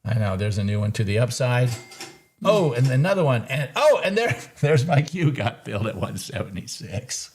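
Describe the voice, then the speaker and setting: Excitable man hosting a trading recap. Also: medium pitch, slight background noise. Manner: excitable, quick to laugh, folksy sayings. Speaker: trader and show host. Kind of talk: live market recap, casual chat.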